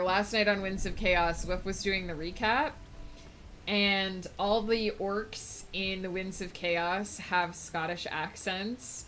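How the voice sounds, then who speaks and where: Chatty low-voiced woman streamer, slow-paced. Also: a bit bright, a little hiss or hum. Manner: rambling, chatty, frequent fillers. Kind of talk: casual live-stream chat while writing.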